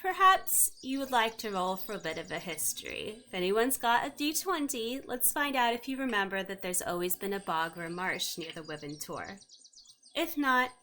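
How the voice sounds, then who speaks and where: A woman's voice: medium pitch, very animated, moderate pace, sharp tone. A woman narrating a tabletop game as game master, with wry asides to the players.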